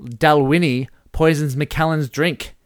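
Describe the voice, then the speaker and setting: Man giving lively play-by-play in a dry room. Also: on the high side, slow pace, clean tone, no room sound. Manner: animated play-by-play, chuckling at the results. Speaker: host running a whisky-themed game simulation. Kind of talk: casual chat, reading out game events.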